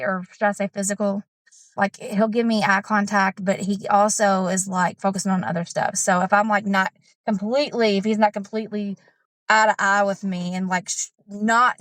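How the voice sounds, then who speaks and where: Woman coaching client, emotional and animated, mid-pitched, dry close sound. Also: dry recording. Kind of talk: candid personal account.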